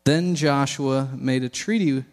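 A pastor giving a casual, good-humored sermon and reading scripture aloud. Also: male voice, medium pitch, a little slow, in a large hall.

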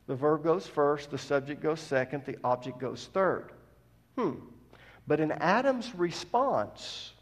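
A man's voice: on the high side, husky. Man preaching in a reverberant hall. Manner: emphatic, with swings between loud stresses and soft asides. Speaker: preacher teaching scripture. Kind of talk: sermon. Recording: long reverb of a large hall.

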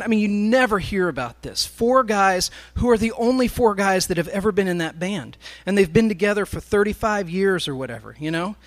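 A man speaking to a live congregation, telling a story in a sermon as he addresses the crowd directly. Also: high-pitched.

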